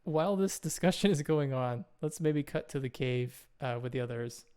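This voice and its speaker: A man's voice: mid-range voice, moderate pace, a little mellow, clean tone. A man narrating a tabletop game as game master in an easygoing, descriptive way.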